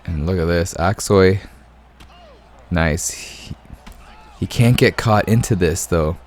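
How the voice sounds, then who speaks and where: A man speaks slowly in a deep voice, hosting his gaming channel from home in the late-night hours. He offers casual game commentary and stories, chuckling in an easygoing way, sprinkling in "man," and keeping his voice low so as not to wake the house.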